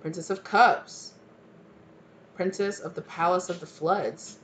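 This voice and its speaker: Low-voiced woman thinking aloud over cards. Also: fairly even intonation, slow pace, a little hiss or hum. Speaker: tarot reader. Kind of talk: casual tarot card reading.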